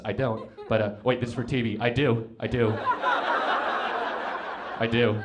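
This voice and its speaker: A young man performing stand-up comedy at a club on a handheld mic, rambling through a story with lots of fillers and sudden loud outbursts. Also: mid-range voice, moderate pace, pauses often. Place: comedy club stage with audience laughter.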